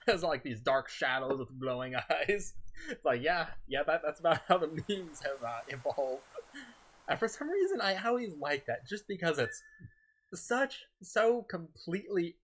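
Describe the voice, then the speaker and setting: A soft-spoken man chatting loosely over a game stream, his thoughts drifting from one tangent to the next. His voice has a bright, crisp edge to it, and he chuckles often between his sentences. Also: on the high side, animated, moderate pace. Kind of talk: casual gaming stream chat.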